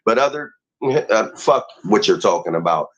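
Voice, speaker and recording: A man's voice: lowish voice, lively intonation, moderate pace, a bit bright, low-quality recording. A man ranting heatedly and profanely as a guest on a talk show.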